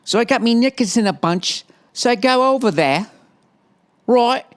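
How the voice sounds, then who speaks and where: A man's voice: very high-pitched, expressive, moderate pace, voice pushed up. A man voicing a young royal bride in a put-on British accent, narrating crudely and mockingly.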